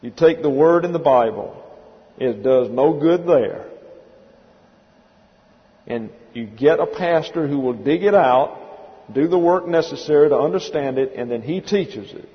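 A man's voice: fairly high pitch, expressive, a little slow. A man preaching an expository sermon, emphatic, stopping to spell out Greek words letter by letter. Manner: emphatic, drills word by word, spells out Greek terms. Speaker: pastor. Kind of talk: expository Bible teaching sermon. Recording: dull, long-reverb church hall recording.

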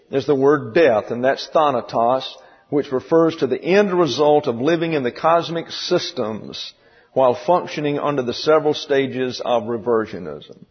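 A man's voice: medium pitch, breathy edge. A man preaching a verse-by-verse sermon, folksy and digressive with dry humor. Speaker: pastor. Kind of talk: expository sermon. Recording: dull, distant, hall echo.

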